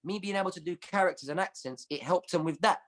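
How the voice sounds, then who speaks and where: Animated London comedian, slang-heavy storytelling. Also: male voice, sits high, quick pace. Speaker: comedian guest. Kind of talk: casual chat.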